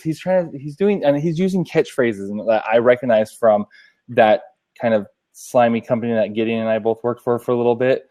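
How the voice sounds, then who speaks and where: Male co-host, relaxed mellow tone, acts out phone calls while telling a story. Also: mid-range voice, normal speed. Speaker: podcast co-host. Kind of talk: casual chat.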